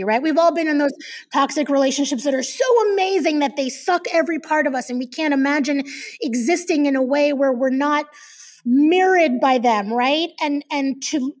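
A woman's voice: high voice, far from the mic. Frank, profane woman in her forties. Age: 40s. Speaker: podcast guest. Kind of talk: candid conversational storytelling.

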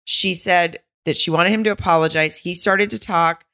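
Low-voiced woman in casual podcast chat. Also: moderate pace. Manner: animated, acts out quotes, swears casually. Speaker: podcast co-host. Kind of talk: casual chat recapping a reality show.

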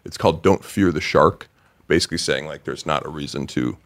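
A man's voice: extremely low pitch, fairly quick, gravelly, a bit bright. A man telling a story in casual podcast chat, rambling and hesitant with lots of fillers.

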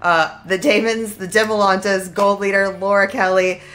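A woman's voice: medium pitch, flat delivery, moderate pace, fairly bright tone. A woman hosting a post-match interview, upbeat and playful, laughing along. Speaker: show host.

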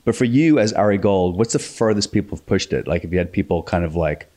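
A man appearing as a comedian guest on a podcast, chatting casually in an animated, profane way and laughing easily. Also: low voice, quick pace. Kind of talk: casual chat.

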